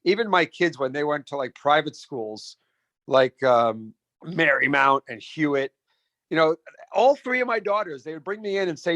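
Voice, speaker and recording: A middle-aged man telling stories in a casual interview, animated, with many restarts and repeated words. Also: on the high side, moderate pace, no echo. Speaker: restaurant founder and guest.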